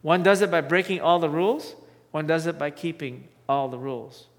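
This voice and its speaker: A man's voice: on the high side, fairly even intonation, moderate pace, big-room sound. A male pastor giving a sermon in a conversational way, often asking his listeners questions. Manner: conversational preaching, asks the audience questions.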